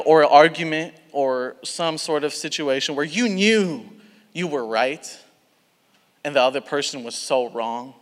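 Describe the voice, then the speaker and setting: High-voiced young man preaching, lively. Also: in a large hall. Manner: animated storytelling with many restarts and asides. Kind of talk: sermon.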